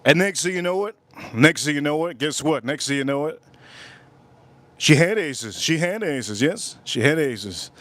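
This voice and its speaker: A man's voice: on the high side, expressive, normal speed, a bit bright, no room sound. A man hosting a livestream, telling a story in casual chat, rambling and repeating his phrases over and over. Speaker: livestream host.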